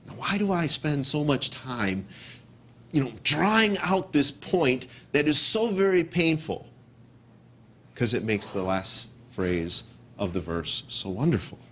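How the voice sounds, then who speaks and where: A man preaching a verse-by-verse sermon as pastor, repeating key phrases with emphasis and dropping to a hush to stress a point. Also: medium pitch, big pitch swings, measured pace, breathy edge. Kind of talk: expository sermon.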